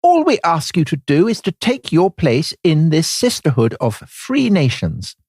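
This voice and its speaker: A man's voice: on the high side, wildly swooping pitch, measured pace, a little mellow, husky, dry recording, studio quality, pitched above the performer's own voice, exaggerated voice. A man putting on a lofty lady diarist. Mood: grand. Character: prim woman secretary reading her diary.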